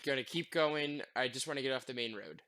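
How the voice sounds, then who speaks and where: A man plays in a tabletop game session, eagerly pitching bold moves with a playful streak. His voice is bright and sharp, recorded dry and close. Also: brisk, no echo. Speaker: player.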